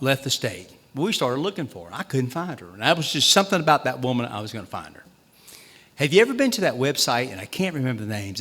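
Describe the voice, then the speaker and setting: In a hall with long reverb, a Southern-accented man who serves as state treasurer gives a storytelling speech at a town hall, poking fun at himself. His voice is mid-range and a bit bright.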